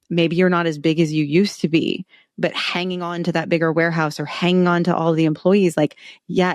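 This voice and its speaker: A woman guest on a podcast interview, talking in an animated way, laughing often and acting out quotes. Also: on the low side, dry recording, studio quality. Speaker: guest expert on retail stress.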